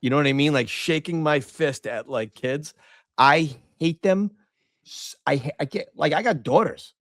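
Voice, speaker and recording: A man's voice: on the high side, moderate pace, no echo, studio quality. A middle-aged man, co-hosting a podcast, telling stories casually and acting out what people said, swearing freely. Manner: animated storyteller, acts out quotes, swears freely. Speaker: podcast co-host. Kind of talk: casual chat, storytelling.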